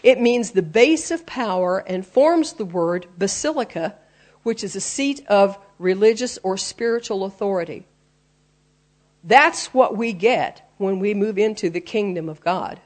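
A woman preaching a sermon in an earnest, teaching way, unpacking the meaning of words. She reads scripture aloud at a middle pitch and keeps her delivery plain and steady. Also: a little slow.

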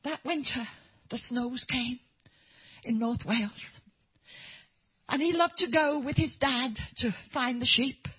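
A woman's voice: high-pitched, slow pace, long pauses, a bit bright, slightly rough. A woman preaching and telling a story to a congregation, with a dramatic delivery that drops to whispers for emphasis. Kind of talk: sermon storytelling. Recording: dull lo-fi recording.

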